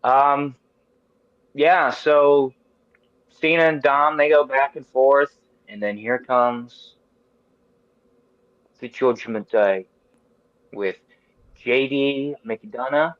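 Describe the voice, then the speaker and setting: A man in his thirties hosting a podcast, chatting casually in an animated, rambling, profane way. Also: medium pitch, very slow, long pauses, no echo, dull audio. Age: 30s. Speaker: podcast host. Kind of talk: casual chat.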